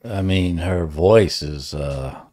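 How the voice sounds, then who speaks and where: A man's voice: sits low, slow pace, mellow. A middle-aged man, a father reacting to music, who talks in a musing, hesitant, wry way. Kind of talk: casual reaction chat.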